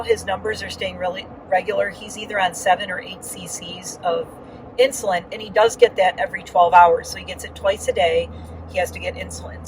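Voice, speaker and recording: A woman's voice: medium pitch, distant mic, background noise. A woman giving a casual, rambling vlog update with lots of fillers, talking while riding in a car. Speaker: vlogger.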